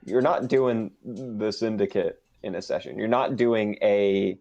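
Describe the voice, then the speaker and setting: A man running a tabletop game as game master, explaining rules with hesitant pauses. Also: fairly low pitch, gravelly, warm tone. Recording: dull lo-fi stream audio.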